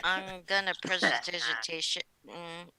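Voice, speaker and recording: A woman's voice: on the low side, expressive, measured pace, a crowd in the background, rough recording. A woman playing in a tabletop game, chatty and hesitant, filling gaps with ums and uhs. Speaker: player. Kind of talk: casual tabletop game chat.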